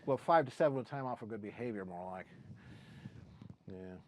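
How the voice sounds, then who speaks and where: A man's voice: on the low side, lively intonation, normal speed, darkish tone, a little hiss or hum. A man co-hosting a stream, joking around and reading a sponsor thanks with hesitant fillers. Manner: joking, hesitant, with many uh's. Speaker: co-host. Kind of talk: casual chat with a sponsor shout-out.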